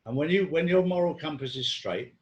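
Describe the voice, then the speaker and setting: A man's voice: a little high, lively intonation, a little fast, reverberant, muffled recording. A man in casual conversation, telling rambling stories with lots of ums and restarts. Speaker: guest.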